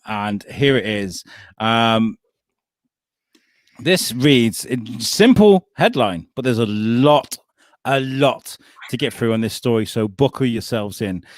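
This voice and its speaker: A man's voice: medium pitch, a little mellow, no room sound. Jokey man co-host reading news. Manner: jokey, reads headlines, swears. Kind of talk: casual comedic news chat.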